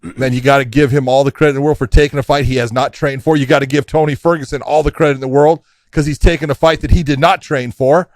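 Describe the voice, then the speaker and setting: A man's voice: mid-range voice, steady tone, fast talker, no echo. A man co-hosting a casual podcast, blunt and emphatic, swearing casually. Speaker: co-host.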